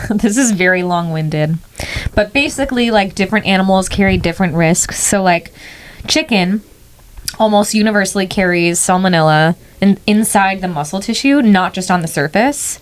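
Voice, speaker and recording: A woman's voice: medium pitch, moderate pace. Chatty young woman podcast co-host. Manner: chatty, rambling, filler-heavy. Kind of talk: casual chat.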